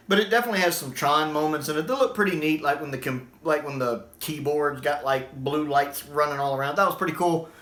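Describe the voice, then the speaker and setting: A man's voice: on the high side, sharp tone. A man giving a casual spoken review of a video, chatty and laughing often between remarks. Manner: chatty, repeats himself, self-corrects. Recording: echoey room.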